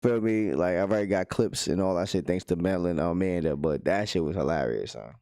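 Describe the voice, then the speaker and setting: A man's voice: low-pitched, brisk, dark tone, clean tone, no echo, studio quality. A man hosting a casual livestream, talking loosely in slang and laughing often as he reacts to his chat. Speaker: livestream host.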